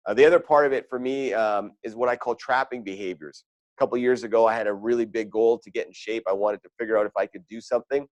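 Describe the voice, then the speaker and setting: A sales coach gives a motivational talk on goal setting, keeping it conversational and full of personal stories with quoted asides. His voice is lowish and quick, recorded with no echo.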